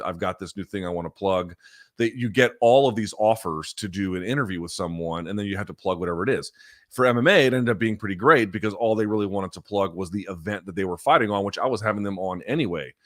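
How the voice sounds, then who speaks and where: A man hosting a podcast, telling a story in a casual, animated, profane way. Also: lowish voice, dry recording, clean studio sound. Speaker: podcast host.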